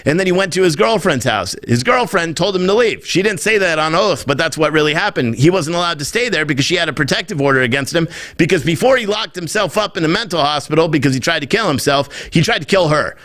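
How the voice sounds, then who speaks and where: Man, podcast host, high voice, angry profane rant, irritated. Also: expressive, quick pace, few pauses, a bit bright. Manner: profane, heated ranting. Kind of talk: angry political commentary.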